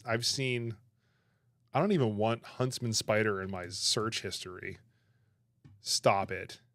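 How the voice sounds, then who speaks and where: A man chatting on his livestream, animated and laughing, protesting in exaggerated disbelief. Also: on the low side, dry recording. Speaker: streamer reacting to chat. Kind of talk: casual livestream chat.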